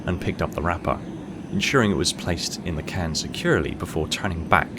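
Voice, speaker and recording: A man narrating an audiobook short story in a steady, measured storytelling manner. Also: sits low, background noise.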